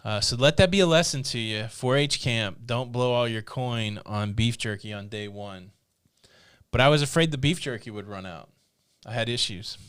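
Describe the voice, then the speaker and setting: Guy co-hosting a live chat, cracks jokes a lot, smooth clean voice, talking into a desk mic. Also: medium pitch, moderate pace, fairly bright tone. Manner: jokey, teasing, reads out viewer comments. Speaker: livestream co-host. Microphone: desk podcast mic.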